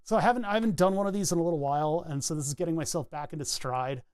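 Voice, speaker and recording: A man's voice: fairly high pitch, very fast, a little mellow, smooth, no echo, clean studio sound. A man chatting casually as he solders a circuit board, rambling and narrating each step of his work. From New England. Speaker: electronics hobbyist streamer. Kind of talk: casual talk while soldering.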